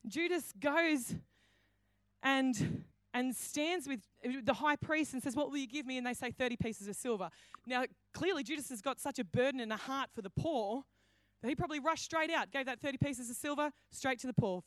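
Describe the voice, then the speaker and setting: A woman's voice: a little high, fairly quick, fairly bright tone, no echo. A woman pastor preaching a sermon, telling the story with acted-out quotes and many restarts. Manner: storytelling, acts out quoted lines, frequent restarts.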